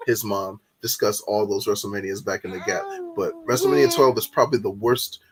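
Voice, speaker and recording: A man co-hosting a casual wrestling podcast, excitable, swearing freely and stumbling over repeated words when worked up. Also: lowish voice, fairly quick, a crowd in the background. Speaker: podcast co-host.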